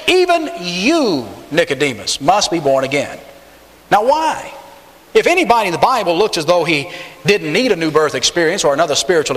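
A man preaching a sermon, stressing key words by jumping up in pitch and slowing down. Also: fairly bright tone. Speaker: pastor. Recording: long hall reverb.

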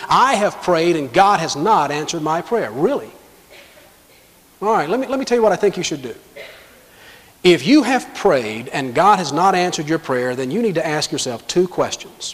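A man preaching a sermon as pastor, emphatic and animated, acting out imagined objections from his listeners and God's replies to them. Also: on the high side, moderate pace, big-room sound, rough recording.

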